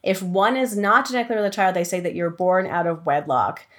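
A woman hosting a podcast, talking casually with lots of fillers and quick restarts. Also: fairly low pitch. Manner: chatty, many fillers and restarts. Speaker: podcast host.

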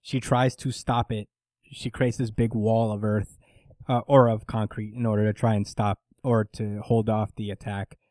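Animated man recapping manga with a buddy. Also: lowish voice, normal speed, no room sound. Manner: animated, swearing, acts out characters' lines. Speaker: podcast co-host recapping manga. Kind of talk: casual chat.

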